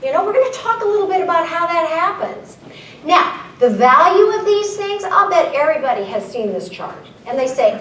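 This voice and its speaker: A woman keynote speaker with a high, very lively voice. She speaks playfully and keeps calling on the audience with questions. Her voice sits a little back from the mic in an echoey conference room, with a faint rumble underneath. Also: normal speed, recorded from a distance. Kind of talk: live presentation to an audience.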